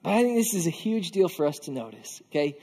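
A man's voice: fairly high pitch, very animated, fast, warm tone, breathy edge, long reverb tail. A man preaching a conversational sermon, casual and earnest, often filling with "like". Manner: casual and earnest, with frequent filler "like". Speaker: pastor.

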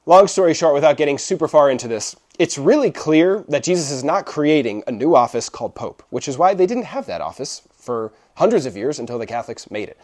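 A man's voice: on the high side, very animated, brisk, hardly any pauses, a little mellow. A young man preaching a casual sermon, checking in with his listeners often as he explains. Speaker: pastor. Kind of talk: conversational sermon.

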